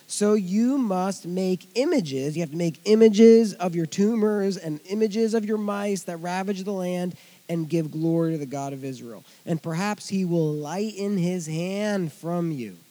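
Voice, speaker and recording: Animated high-voiced male preacher. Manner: expository Bible teaching, conversational asides to congregation; animated, swings between loud emphasis and quiet asides. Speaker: pastor. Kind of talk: sermon.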